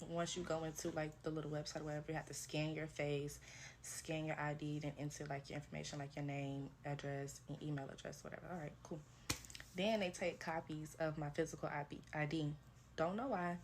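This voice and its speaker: A woman's voice: low voice, level tone, brisk, slight background noise. A young woman, telling a blunt, profane story about her own experience straight to camera. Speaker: club dancer sharing her experience.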